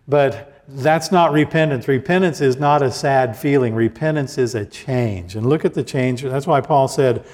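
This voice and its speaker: A man's voice: medium pitch, normal speed, a little mellow. A man preaching a sermon in a conversational way, with frequent restarts and asides, reading scripture aloud between his own explanations. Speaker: pastor. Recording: hall reverb.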